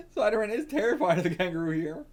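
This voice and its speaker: Animated, laughing man reacting to comics. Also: sits high, fairly quick. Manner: laughs often, swears, talks to himself. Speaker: reaction video host. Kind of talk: casual manga reaction commentary.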